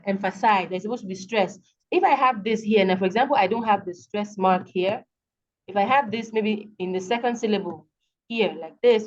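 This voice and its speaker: Nigerian lady teaching a class on a call, slow and patient, kinda dull lo-fi sound. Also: medium pitch, darkish tone. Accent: Nigerian English. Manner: patient, repeats words slowly. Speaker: online tutor. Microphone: video call. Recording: dull lo-fi video call audio.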